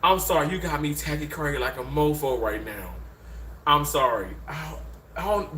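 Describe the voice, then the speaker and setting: A man in his thirties hosting a casual livestream and reading viewer comments, animated and emotional, dropping low and earnest then jumping high and excited, recorded on handheld mics in a room at home. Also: normal speed. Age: 30s. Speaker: livestream host. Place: indoor room with a bed. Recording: echoey room, faint background noise.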